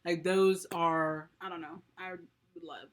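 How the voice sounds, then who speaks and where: A woman's voice: on the low side, fairly even intonation, slow. A young adult woman co-hosting a podcast, chatting casually and often laughing mid-sentence. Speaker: podcast co-host. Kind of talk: casual chat.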